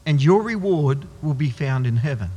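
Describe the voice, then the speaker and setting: A man preaching a sermon as pastor, emphatic and slowing down hard on key words, in a church hall. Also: fairly high pitch, expressive, dark tone, husky.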